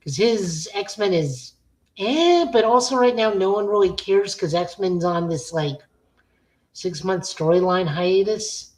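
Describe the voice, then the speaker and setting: A woman's voice: mid-range voice, animated, takes it slowly, a little mellow, low-quality recording. A woman co-hosting a podcast, giving casual, blunt, opinionated takes on comic books with frequent fillers. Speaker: podcast co-host. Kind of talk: casual comic-book review chat.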